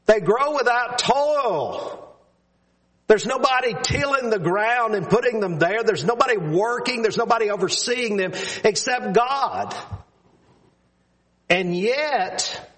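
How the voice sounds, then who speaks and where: A man delivers a sermon in a high voice that rises and falls widely. He speaks slowly and earnestly, pressing his points by repeating words. His tone is emphatic throughout. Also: a bit bright. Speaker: preacher.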